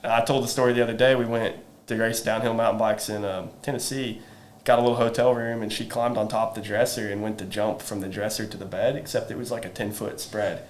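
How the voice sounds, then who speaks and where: A man's voice: on the low side, level tone, quick pace, a little hiss or hum. A man, a guest telling easygoing stories in a casual podcast chat. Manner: easygoing, storytelling. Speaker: podcast guest, metals company rep. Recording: roomy echo with faint ambience.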